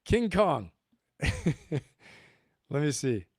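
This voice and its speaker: A man's voice: fairly high pitch, drawn-out words, gravelly, no room sound, clean studio sound. A man hosting a live show, talking casually and rambling with frequent laughs. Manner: animated, rambling, laughs often. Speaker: livestream host.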